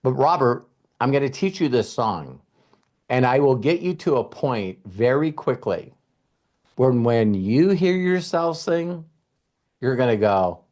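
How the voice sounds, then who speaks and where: A man giving a casual motivational talk as a mentor, acting out quotes in lively storytelling with some swearing. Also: mid-range voice, a little slow. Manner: animated storyteller, acts out voices. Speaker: mentor and coach.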